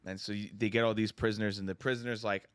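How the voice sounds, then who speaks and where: A man's voice: fairly low pitch, fast, clean tone, no echo. A young man hosting a casual podcast chat, telling stories and acting out the people he quotes. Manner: animated storyteller who acts out quotes loudly. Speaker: podcast host.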